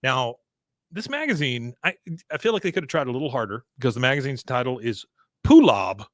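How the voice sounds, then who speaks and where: A male podcast host retells a cartoon episode in a loose, rambling way, trailing into laughs. His voice sits at a medium pitch, and the recording is dry and close. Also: expressive, a little fast, no room sound. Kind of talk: casual episode recap.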